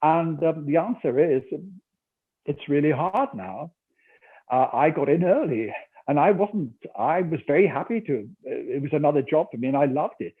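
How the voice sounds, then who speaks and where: An older actor and audiobook narrator from Newcastle, England speaks with a Geordie accent in a slightly rough, higher-pitched voice with lively intonation and normal pace. Telling a story in a remote interview, he laughs frequently and acts out quotes, and the audio is tinny like a call.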